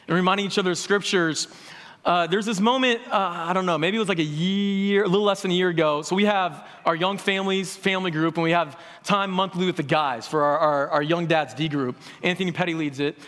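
Young male pastor, high voice, earnest chatty sermon, long hall reverb. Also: a bit bright. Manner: earnest, conversational preaching with audience questions.

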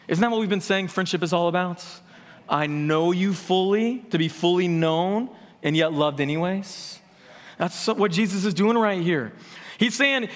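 A man's voice: sits high, normal speed, a bit bright. A young man preaching a sermon in an earnest, conversational way, asking the audience questions. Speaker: pastor. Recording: long hall reverb.

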